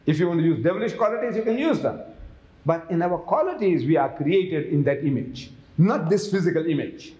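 A man's voice: a little high, expressive, fairly quick, dark tone, roomy sound. A man giving a public religious lecture, firing rhetorical questions at his audience.

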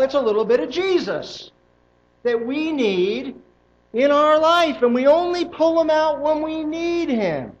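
A male pastor preaching a sermon in a church, emphatic and animated, with joking asides to the congregation. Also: high-pitched, lo-fi sound. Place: church sanctuary.

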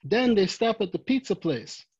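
A volunteer reading a children's picture book aloud, gently and expressively, lifting the voice for quoted greetings, on a dull lo-fi home recording. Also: medium pitch, big pitch swings, moderate pace, slightly rough. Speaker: volunteer story reader.

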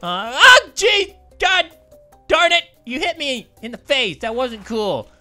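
A high-pitched woman reacting to a game as she plays, her voice leaping up and down with excitement. She giggles and apologizes to characters as she goes. Faint game music plays behind her. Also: slow. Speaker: gaming channel host. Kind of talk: let's play commentary.

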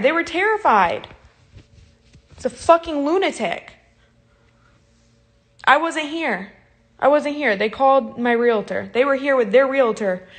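High-pitched woman crying thru an angry sweary live rant on her phone. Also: a bit bright. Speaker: livestreamer.

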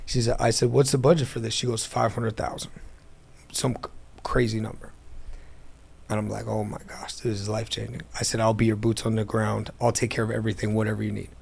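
A man's husky, gravelly voice, on the low side and a little fast, carries his business story through a casual interview. It was recorded in an airplane hangar, and he animatedly acts out what other people said.

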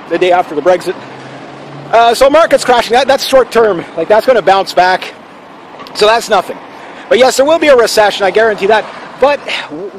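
Vlogger: high-voiced man, loose and opinionated, lots of restarts, light noise underneath. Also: rough recording. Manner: rambling and opinionated, with frequent restarts and fillers. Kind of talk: casual opinion monologue.

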